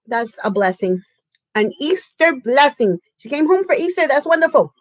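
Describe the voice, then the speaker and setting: Brief: American woman live-streaming, effusive, high voice, dry close mic. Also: big pitch swings, normal speed, dry recording, poor audio. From United States. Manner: chatty and effusive, often laughing. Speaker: crafting livestream host. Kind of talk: casual live-stream chat.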